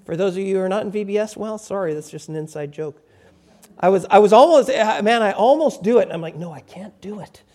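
A pastor delivering a sermon as an animated scripture retelling. The pitch swings widely, rising and dropping for emphasis. The delivery mixes storytelling with asides to the congregation. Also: fast talker.

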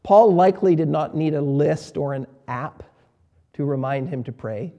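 A man preaching a sermon as pastor, emphatic, repeating key words and swinging between quiet and loud. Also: fairly high pitch, moderate pace, lo-fi sound.

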